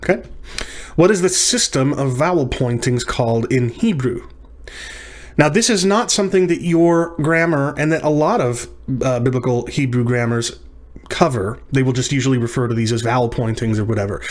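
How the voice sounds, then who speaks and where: A man's voice: medium pitch, moderate pace. A man teaching a recorded practice lesson, explaining terms step by step and repeating words with small restarts and fillers. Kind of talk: recorded lecture practice session.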